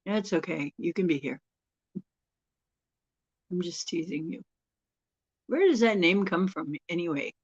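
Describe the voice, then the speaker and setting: A woman's voice: fairly low pitch, a little slow, pauses often, husky, dry recording, dull audio. A woman hosting a casual livestream, chatty and rambling, often laughing and correcting herself. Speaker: livestream host.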